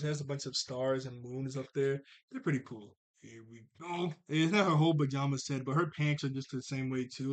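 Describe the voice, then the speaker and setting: A man casually recapping a cartoon episode at home, slangy and chatty, laughing often and correcting himself as he goes. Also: a little high.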